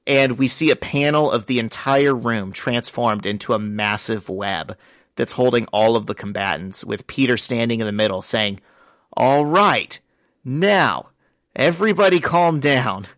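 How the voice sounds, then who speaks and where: A man's voice: on the low side, steady tone, normal speed, no room sound, clean studio sound. A man co-hosting a podcast, casually recapping a comic issue and reading lines from it aloud. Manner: retells scenes, reading quoted lines aloud. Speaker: podcast co-host.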